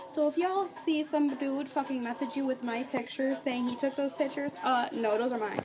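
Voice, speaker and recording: A woman's voice: sits high, normal speed, few pauses, over music. Young woman vlogger, brash storyteller, profane and exasperated, recorded on a phone. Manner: profane, exasperated, acts out both sides of a chat. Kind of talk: casual storytime vlog. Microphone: phone or webcam.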